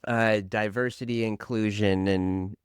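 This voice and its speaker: A man hosting a casual interview podcast, easygoing and agreeable, quick to laugh along. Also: lowish voice, fairly even intonation, clear, resonant tone, no room sound, clean studio sound. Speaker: podcast host.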